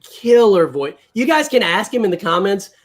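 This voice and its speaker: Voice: mid-range voice, very animated, normal speed. A livestream host chatting casually about comics and films, thinking aloud. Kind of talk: casual chat.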